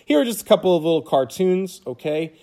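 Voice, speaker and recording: A man's voice: high-pitched, lively intonation, brisk, dark tone. A middle-aged man teaching a history lesson from home in a casual lecture style, often checking in with "okay?" and "right?". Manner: conversational, frequent "okay?" and "right?" check-ins. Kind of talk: recorded classroom lecture over slides. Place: home room, cats nearby.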